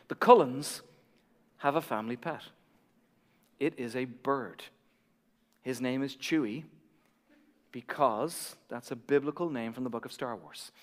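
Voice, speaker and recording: High-voiced pastor preaching in a reverberant hall. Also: male voice. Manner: expressive, swings between soft asides and emphatic peaks. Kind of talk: sermon. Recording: long reverb of a large hall.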